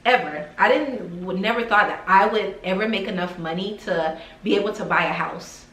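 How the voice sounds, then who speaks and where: A woman's voice: medium pitch, normal speed, a bit bright. A woman talking to camera in a casual vlog, heartfelt and emotional, with lots of filler words. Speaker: lifestyle vlogger. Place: her house. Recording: roomy echo, somewhat distant from mic.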